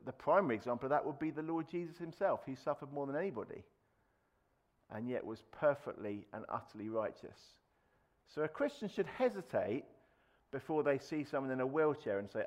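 A man preaching a sermon in a conversational way, with fillers and restarts, raising his voice to act out quoted lines. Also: mid-range voice. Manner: acts out quoted speech with raised voice.

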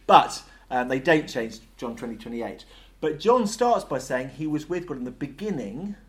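A man leading an interactive Bible study, lively and jokey, asking the group questions. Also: medium pitch, moderate pace.

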